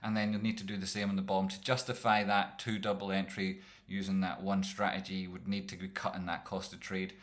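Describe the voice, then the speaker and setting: A man's voice: low voice, completely flat delivery, fairly quick, few pauses. Rambling, jokey man breaking down charts. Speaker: trading streamer. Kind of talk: live chart analysis.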